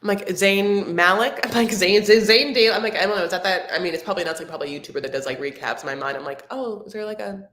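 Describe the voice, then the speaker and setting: This woman talks fast in a mid-range, fairly bright voice, hardly pausing. On her live recap stream she chats casually, reads viewer comments and rambles affectionately. The home room she's in has a roomy echo.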